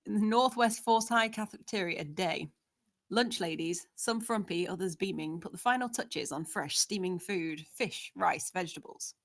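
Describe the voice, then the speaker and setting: A woman's voice: fairly low pitch, moderate pace. A woman narrating, steadily reading out the scene descriptions of a screenplay.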